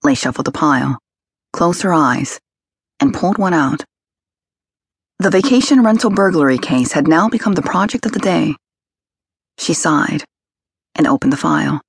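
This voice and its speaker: A woman narrates a detective novel with steady, measured delivery. Her voice is husky with a gravelly grain. She is recorded on a close mic in a dry room. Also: low voice, dry recording. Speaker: audiobook narrator. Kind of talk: scripted narration.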